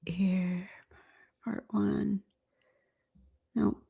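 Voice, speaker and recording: A woman's voice: mid-range voice, level tone, very slow, creaky, dark tone, breathy edge. A middle-aged woman, a former flight attendant, giving casual live-stream reaction commentary with chatty, amused asides.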